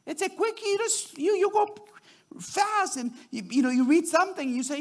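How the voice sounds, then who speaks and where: A man preaching a sermon to a congregation, animated, often repeating words and restarting his sentences as he acts out little quotes. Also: extremely high pitch, normal speed. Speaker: pastor.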